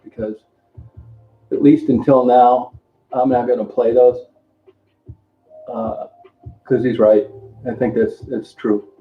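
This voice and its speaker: An older man hosting a casual livestream, rambling and greeting viewers by name between remarks. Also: medium pitch. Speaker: livestream host. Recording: tinny phone-like sound in an echoey room, faint music.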